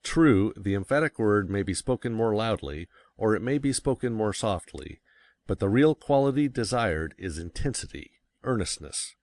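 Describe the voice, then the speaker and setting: A man reading a classic public speaking guide aloud in a measured audiobook style, stressing key words. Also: fairly low pitch, lively intonation, darkish tone, no echo. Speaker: narrator.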